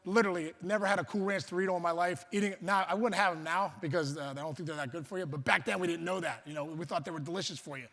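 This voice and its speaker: High, bright man telling a story in a hall. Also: racing, hardly any pauses. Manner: animated, acts out voices, loud outbursts. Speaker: luncheon speaker. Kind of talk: humorous storytelling speech. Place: banquet hall. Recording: reverberant hall.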